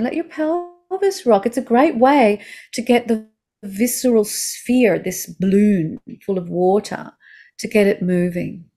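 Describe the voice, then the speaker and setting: A woman with an Australian accent guiding a slow body-awareness lesson, speaking soothingly and asking the listener gentle questions. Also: a little high. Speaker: movement instructor.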